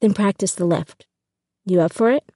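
A woman's voice: medium pitch, moderate pace, dark tone, no room sound, close to an everyday voice. A woman voicing a friendly, encouraging teenage boy ballet dancer in an audiobook, staying close to her own voice.

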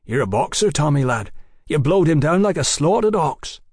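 A man's voice: a little high, big pitch swings, normal speed, a little mellow, husky, no room sound, clean studio sound, voice pushed up. A man voicing a sober, bearded elder brother, terse and hearty.

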